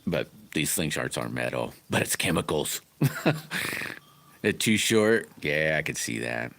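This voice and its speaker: A man's voice: very deep voice, very animated, slow, gravelly, fairly bright tone. A middle-aged man, rambling in a folksy way as he hosts a casual livestream and greets viewers by name. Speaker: livestream host chatting with viewers.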